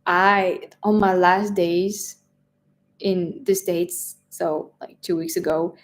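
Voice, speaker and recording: A woman's voice: lowish voice, fairly even intonation, slow pace. A woman with a French accent, a native French speaker, hosting a casual live stream chat, reading viewer questions aloud, laughing often and restarting her sentences. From France. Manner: chatty, laughs often, repeats words and restarts.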